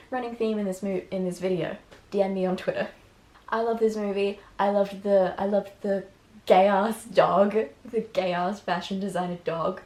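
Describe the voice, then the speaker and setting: Young woman vlogger, gushing and casual, mid-pitched voice in a roomy echo. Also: fairly even intonation, measured pace, darkish tone. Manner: enthusiastic, chatty, swears, laughs often. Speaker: video host. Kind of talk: casual review vlog. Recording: echoey room.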